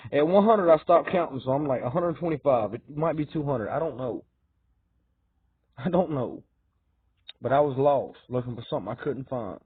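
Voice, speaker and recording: Man, rambling and repetitive, fervent, raised voice, husky, tinny lo-fi sound. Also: on the high side. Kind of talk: rambling monologue to camera. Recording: tinny phone-like dry recording.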